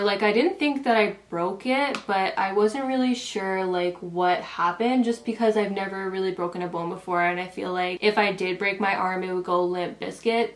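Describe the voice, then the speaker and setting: A woman beauty vlogger talking casually through a makeup tutorial and a story, chatty and full of "like" fillers. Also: medium pitch. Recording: roomy echo.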